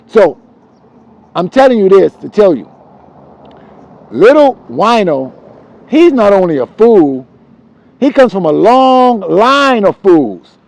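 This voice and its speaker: A man telling street stories from his childhood in a casual, profane, animated way, repeating himself for emphasis. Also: high voice, moderate pace, gravelly, long pauses, dry recording, low-quality recording. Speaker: storyteller.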